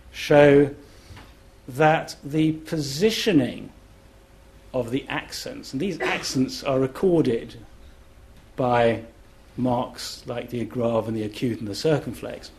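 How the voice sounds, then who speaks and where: A man's voice: medium pitch, a little mellow. A middle-aged man giving a lecture-style talk as a classics scholar on a festival panel. He is enthusiastic and chants rhythms aloud in syllables to show them. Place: live event, indoors.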